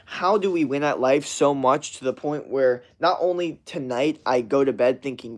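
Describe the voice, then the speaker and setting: A man's voice: fairly high pitch, lively intonation, normal speed. A young man in college ranting casually to camera, profane and rambling, mocking people in whiny put-on voices. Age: young adult. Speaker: vlogger.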